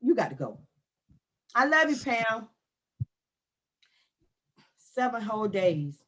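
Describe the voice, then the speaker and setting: A woman, ranting loudly and comically in casual talk, often shouting. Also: a little high, slow. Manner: loud animated ranting with frequent shouting. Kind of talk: casual comic rant to camera.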